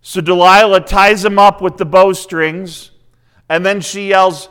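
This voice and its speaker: A man preaching a sermon in a slightly higher-than-usual voice. His tone is smooth and resonant, and he retells the story casually, breaking off for his own comments. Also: steady tone, a little slow, sharp tone. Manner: conversational, retells scripture with asides.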